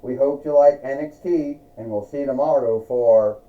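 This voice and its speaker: A man's voice: mid-range voice, normal speed, recorded from a distance. A man narrating and commentating a homemade wrestling show in a rambling way, with slips. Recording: dull lo-fi recording.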